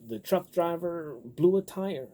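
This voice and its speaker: A man talking in a loose, rambling casual monologue, profane and full of filler words, getting animated when riled up. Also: on the high side, unhurried. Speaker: vlogger.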